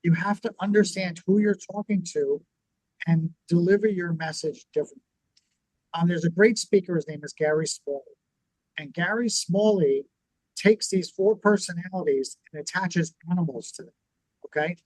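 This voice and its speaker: A man co-hosting a business talk show, teaching in a lively conversational way and acting out what people would say. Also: sits high, normal speed, no echo, poor audio. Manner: animated, acts out quoted reactions. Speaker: podcast co-host.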